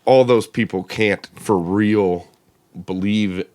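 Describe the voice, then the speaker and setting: A man co-hosting a podcast in casual chat, talking haltingly with lots of uh's and restarts. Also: fairly low pitch, a little mellow, no echo. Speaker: podcast co-host.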